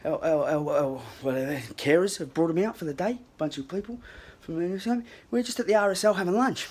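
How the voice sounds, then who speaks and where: A man voicing a polite, frail elderly man from a nursing home who stammers softly. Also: high voice, quick pace, pitched above the performer's own voice. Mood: polite, flustered.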